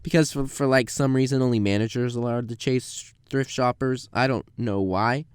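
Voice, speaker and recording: A young man narrating a comedic story about his grocery job, jumping into quick put-on voices for the people in it. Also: clear, resonant tone, no echo. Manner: acts out quoted customers with jumps in pitch. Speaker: animated storyteller.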